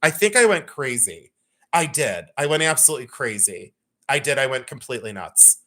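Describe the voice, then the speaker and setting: A man's voice: mid-range voice, sing-song, fairly quick, sharp tone. A man hosting a live jewelry sale, chatting casually, joking, teasing and laughing often as he greets viewers. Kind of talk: casual live-stream selling chat.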